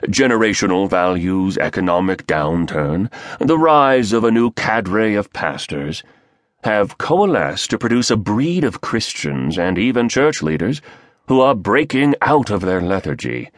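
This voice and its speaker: A smug, scheming British conspirator with a deep baritone, as a man plays him, laying out sinister plans in a measured, sneering delivery. The voice sits dry and close, and his pitch swings widely as he leans into each point. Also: very animated, no room sound.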